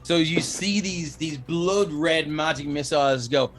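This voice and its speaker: A man's voice: fairly high pitch, steady tone, measured pace, a bit bright, faint music behind. Casual swearing male game master. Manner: casual, swearing, makes sound effects. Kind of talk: narrating a tabletop game on a live stream.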